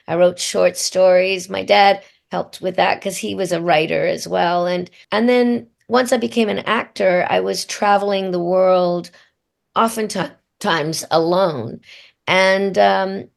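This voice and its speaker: Gravelly-voiced woman, reflective interview guest. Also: medium pitch. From Australia. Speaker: voice actor guest. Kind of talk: casual interview answers.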